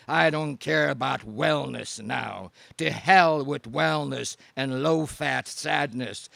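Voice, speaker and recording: Very gravelly man chanting performance poetry. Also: medium pitch, a bit bright, no room sound. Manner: rhythmic, chanting repetition. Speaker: open mic poet. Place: open mic night at a venue.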